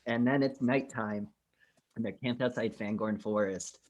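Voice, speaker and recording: A man's voice: on the low side, moderate pace, highs cut off. Foul-mouthed man recapping a movie. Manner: profane, animated scene retelling. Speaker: podcast co-host. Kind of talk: casual film discussion.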